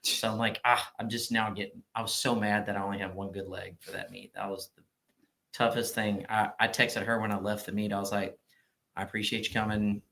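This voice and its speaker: A man, a gym owner telling loud, profane stories on a casual podcast. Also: lowish voice, flat delivery, brisk, gravelly. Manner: loud, profane storyteller acting out quotes. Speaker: gym owner and powerlifting coach.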